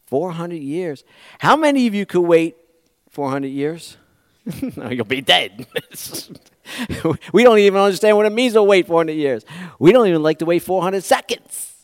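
A pastor preaching a conversational sermon, swinging from loud bursts to near-whispers. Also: male voice, high-pitched, a little slow, no room sound, clean studio sound. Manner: animated, conversational preaching with dramatic swings in volume.

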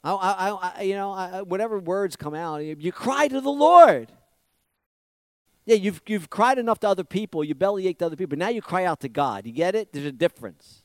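A man with a notably high voice preaches in an easy, conversational way. He repeats phrases, asks the congregation questions and drops to a near murmur before rising again. The sound is close and dry, with no room around it. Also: animated, a little fast, no echo. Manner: repetitive, rhetorical questions, swings from loud to hushed. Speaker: pastor. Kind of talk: conversational sermon.

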